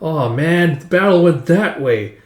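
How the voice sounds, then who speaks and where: A man's voice: fairly high pitch, expressive, unhurried, pitched above the performer's own voice. An earnest young boy asks his questions in a lightly raised voice, as a man puts him on. The room around him is echoey.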